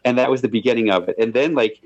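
A man's voice: medium pitch, quick pace, muffled recording. A man telling behind-the-scenes stories in an interview, rambling with restarts and laughs. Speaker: guest, animated show co-creator. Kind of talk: anecdotal interview storytelling.

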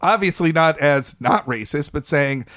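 A man co-hosting a podcast in a casual discussion of a film, animated and swearing freely. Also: a little high, moderate pace, dry recording, studio quality. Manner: animated, swears freely, acts out quoted voices. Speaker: podcast co-host.

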